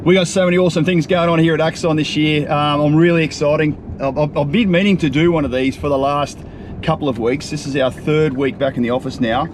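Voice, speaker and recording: A man's voice: a little high, fairly even intonation, a little fast. A man with an Australian accent hosting a casual vlog, talking in a chatty, upbeat way with a lot of ums and uhs while he drives. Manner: chatty and upbeat, with frequent fillers. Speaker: property coach and show host. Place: in a vehicle on a drive. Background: faint road and traffic noise.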